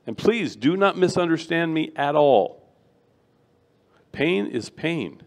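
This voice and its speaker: A middle-aged man preaches as a guest speaker, his voice sitting a little high for a man. He talks in an animated way, acting out the people in his stories. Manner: animated, acts out voices of children and people he quotes. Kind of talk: sermon.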